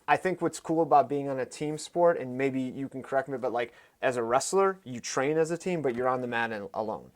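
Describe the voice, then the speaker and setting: A man in his thirties speaks as a podcast guest in an animated conversational way, with a pitch in the middle range. He tells stories with emphasis and speeds up in quick bursts. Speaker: podcast guest, fight coach. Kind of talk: conversational storytelling.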